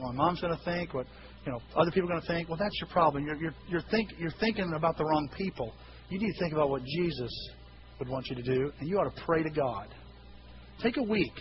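Animated high-voiced pastor preaching. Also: male voice. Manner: animated storytelling, acting out voices with shouts. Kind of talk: sermon. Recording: dull lo-fi recording with hiss.

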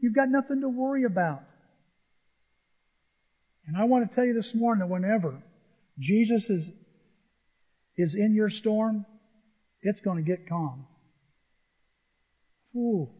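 A man preaching a sermon as pastor, swinging between loud declarations and quiet asides. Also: high-pitched, takes it slowly, pauses often. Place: church sanctuary. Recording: dull echoey sanctuary sound.

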